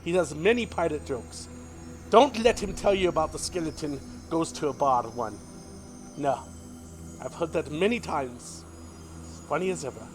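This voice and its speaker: A man's voice: fairly high pitch, lively intonation, normal speed, pauses often, soft background music, lightly acted. A man voicing a friendly, chatty female ship crew member who fusses and hesitates. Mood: teasing.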